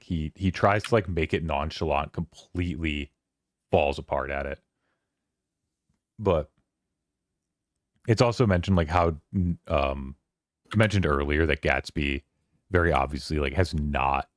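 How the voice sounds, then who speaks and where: A man's voice: rumbling low, dry recording, studio quality. A man streaming a casual book club chat, rambling through a novel's scenes with lots of fillers. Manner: rambling, filler-heavy, quoting characters in quick voices.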